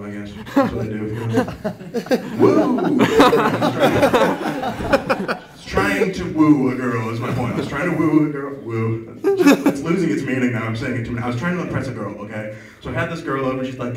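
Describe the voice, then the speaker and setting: A man's voice: medium pitch, very animated, fast talker. A man rambles through an open-mic stand-up set, offhand and self-deprecating. His voice comes from a distance in an echoey club, with a crowd laughing around him. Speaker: stand-up comedian. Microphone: stage mic recorded from far off. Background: audience laughter.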